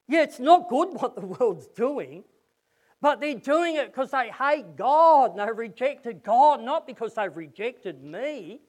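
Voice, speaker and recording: Earnest high-voiced male preacher. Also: lively intonation, measured pace. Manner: earnest, repeats words often. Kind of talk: sermon and prayer.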